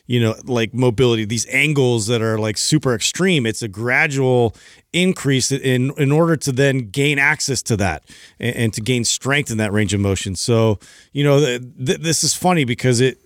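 A man co-hosting a casual fitness podcast, playful and quick to chime in with agreement. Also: mid-range voice, dry recording, studio quality. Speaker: podcast co-host.

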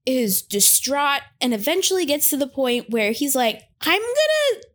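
Woman, high voice, chatty recap host who slips into character lines. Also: normal speed. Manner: animated storytelling, acts out characters' lines. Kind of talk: casual chat recapping a film.

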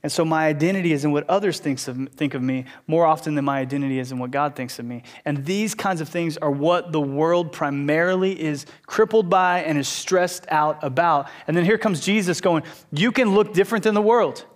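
A man in his thirties preaching a sermon, animated, acting out quotes and asides. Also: on the high side, brisk, few pauses. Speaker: pastor.

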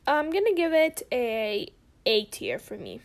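A woman's voice: fairly high pitch, very animated, a little slow, creaky. A young woman co-hosting a casual chat, rambling and emphatic, swearing freely. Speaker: co-host.

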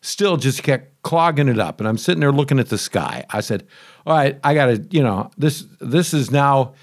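Reviewing a new lawn mower on camera, a homeowner speaks in an expressive mid-range voice at a moderate pace. His story is casual and rambling, full of chatty asides, grumbles, and self-interruptions.

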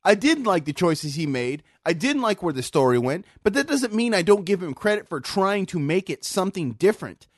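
A man with an unusually high voice rants through a casual podcast chat, swearing freely as he vents. The sound is dry and close on a studio microphone, with no room around it. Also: big pitch swings, fairly quick, few pauses, no room sound. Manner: heated, profane ranting. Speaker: podcast co-host.

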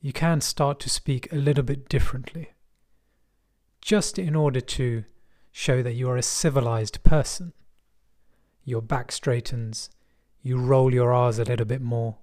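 A middle-aged man from West London with a West London accent, telling a personal story in a measured, reflective and wry way. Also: medium pitch, steady tone, a little mellow. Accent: West London English.

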